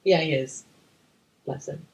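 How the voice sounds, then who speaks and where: A woman, co-hosting a film podcast in casual chat, ranting in an animated, sweary, exasperated way. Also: low voice, a little slow, vocal fry, highs cut off. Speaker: podcast co-host.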